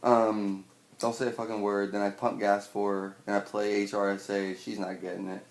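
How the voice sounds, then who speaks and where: A young man in his twenties, swearing a lot and telling a personal story with wry humor, acting out scenes loudly at times. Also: on the low side, flat delivery, normal speed, gravelly. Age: 20s. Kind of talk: personal storytelling, stand-up style. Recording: echoey room with faint noise.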